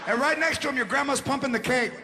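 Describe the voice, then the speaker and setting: Loud, high-pitched comedian shouting. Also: male voice, fast. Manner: loud, shouting punchlines, acting out characters; mixes in Spanish phrases. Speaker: stand-up comedian. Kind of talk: stand-up comedy routine. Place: large theater with live audience. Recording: live show with crowd noise. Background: audience laughter and crowd noise.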